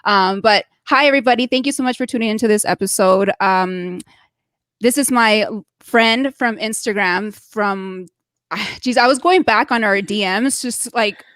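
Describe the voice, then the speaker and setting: A woman's voice: mid-range voice, measured pace, no echo. A woman hosting a podcast over a video call, speaking in a rambling, casual way. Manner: rambling, warm-hearted, many fillers and restarts. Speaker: podcast host. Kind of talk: casual chat.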